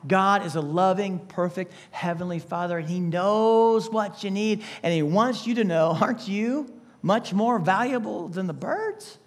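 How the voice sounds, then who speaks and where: A man preaching a sermon with an emphatic delivery, full of rhetorical questions, swinging between loud bursts and hushed asides. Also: high voice, a little slow. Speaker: pastor.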